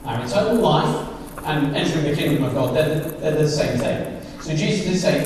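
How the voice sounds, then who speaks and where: A high-voiced man preaching a sermon, pulling his listeners into the story with questions. He is heard from a distance in a big, echoing hall with long reverb and a faint hum behind him. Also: expressive, fairly quick, a little mellow. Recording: echoey hall, voice from afar.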